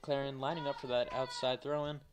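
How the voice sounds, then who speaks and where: A young man calls a college soccer match at a fast clip, slightly tired and loose, dropping jokes between plays. His voice sits in an ordinary middle register. There is a clear hiss of noise under the commentary. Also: mid-range voice, flat delivery, highs cut off. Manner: fast, loose play-by-play with joking asides. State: tired, yawning. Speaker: play-by-play commentator. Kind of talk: live sports commentary.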